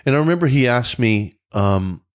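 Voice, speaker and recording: A man's voice: medium pitch, expressive, normal speed. A man who is a podcast guest, telling his personal recovery story in a reflective, earnest way, often restarting his sentences.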